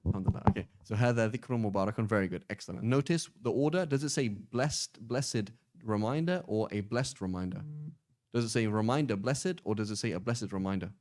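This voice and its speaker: Low-voiced English man teaching Arabic. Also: fast. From England. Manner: pedantic, explains with lively examples. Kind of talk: online class teaching.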